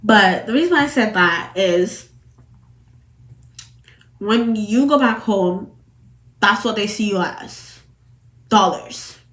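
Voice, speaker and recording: A Jamaican woman chatting to camera in a casual commentary vlog. She rambles and circles back over her points at a middle pitch. Her voice bounces around a roomy space. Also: animated, slow pace, pauses often, fairly bright tone. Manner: chatty, rambling, repeats herself. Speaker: vlogger. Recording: roomy echo.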